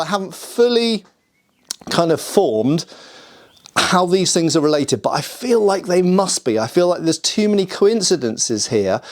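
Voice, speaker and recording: Chatty man explaining sword history. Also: on the high side. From United Kingdom. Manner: chatty, thinking aloud, asks viewers questions. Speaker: sword historian and channel host. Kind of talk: casual explanatory talk to camera.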